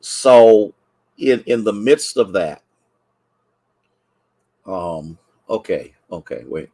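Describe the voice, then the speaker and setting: A man's voice: fairly low pitch, expressive, extremely slow, warm tone. A man from Ohio speaking as pastor in a livestreamed noon Bible study, talking conversationally, greeting viewers by name, restarting sentences and at times near tears. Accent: Ohio, Midwestern American. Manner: emotional, close to tears at times.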